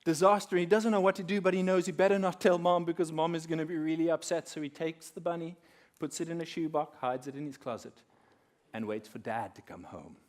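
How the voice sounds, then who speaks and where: A young adult man telling a story to an audience at a workshop, animated and acting out the characters as he speaks. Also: fairly high pitch, brisk. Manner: animated, acting out quoted characters with big swings in loudness. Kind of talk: lively storytelling talk to an audience. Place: conference room.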